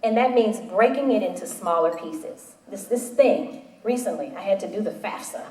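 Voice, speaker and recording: A woman in her forties giving a motivational talk to a live audience, telling animated stories and acting out the voices in them. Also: medium pitch, normal speed. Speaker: panel speaker. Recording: roomy hall audio from a distant mic.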